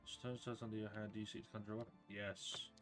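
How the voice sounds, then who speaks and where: A man streaming a game live, quietly muttering a running commentary to himself. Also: fairly low pitch, flat delivery, fast, over music.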